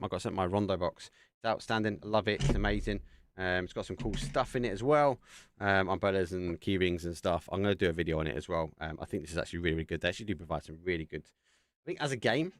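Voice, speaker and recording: A man calls an online shooter match live on his stream, his voice a bit low and the sound dry and close. He gets loud and excited when the big plays land, then settles into easy chat with his viewers. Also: dry recording. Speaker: esports caster and streamer. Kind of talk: live esports commentary.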